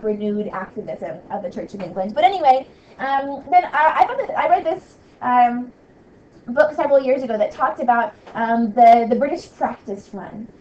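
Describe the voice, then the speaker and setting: A woman with a fairly high, mellow voice gives a casual history lecture, thick with fillers. She sounds far from the mic in an echoey room, and the recording is dull and lo-fi. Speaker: history teacher. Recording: distant, roomy, dull lo-fi with faint hiss.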